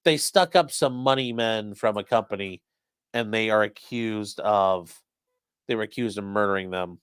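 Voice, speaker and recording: A man's voice: lowish voice, moderate pace, fairly bright tone, clear, resonant tone, no echo. Casual, profane male trial commentator. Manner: loose and profane, acts out courtroom quotes. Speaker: defense attorney commenting on a trial. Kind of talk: casual live-stream commentary.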